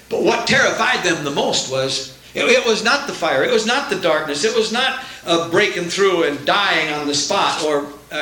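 A preacher man delivers a sermon with fervent energy, climbing to emphatic peaks. His voice is bright and forceful, pitched a little high. The sound rings heavily off a reverberant room. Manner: fervent, rising to emphatic outbursts.

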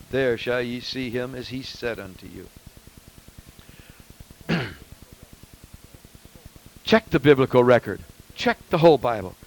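A man preaching a sermon with emphasis, swinging from loud exclamations to quiet asides. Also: fairly high pitch, low-quality recording.

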